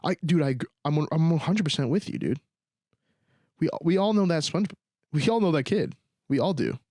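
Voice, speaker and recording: A man's voice: fairly high pitch, animated, moderate pace, darkish tone, no echo. A young man hosting a solo podcast, ranting in casual slang and leaning on sarcasm. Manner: slangy, repeats "dude" and "bro", sarcastic. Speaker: podcast host.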